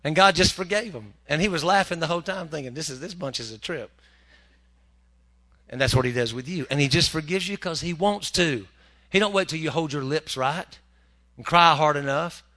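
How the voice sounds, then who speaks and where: Bright-voiced man preaching a folksy sermon. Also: a little high. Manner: folksy, joking, acts out characters in quick asides. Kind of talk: humorous sermon.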